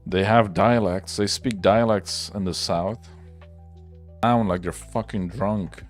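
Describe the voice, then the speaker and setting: A man with a deep, low voice rambles through casual, opinionated livestream chatter, swearing freely as he goes. Faint music plays underneath. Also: steady tone, slow pace. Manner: rambling, profane, loose and opinionated. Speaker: livestream host. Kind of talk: casual livestream chat while working.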